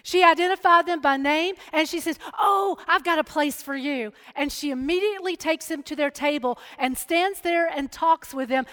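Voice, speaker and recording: Lady preaching a sermon, really high voice, big hall echo, tells a story then gets loud and emphatic. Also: moderate pace, few pauses. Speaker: speaker at a church or chapel.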